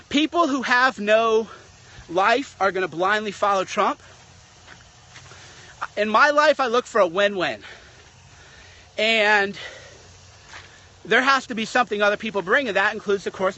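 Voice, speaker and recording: A man's voice: high-pitched, pushed and bright. A man delivering a blunt, sarcastic political rant as a commentator. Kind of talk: ranting monologue.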